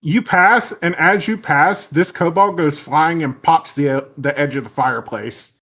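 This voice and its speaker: A man narrating a tabletop game as game master, relaxed with frequent fillers. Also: a little high, a little slow.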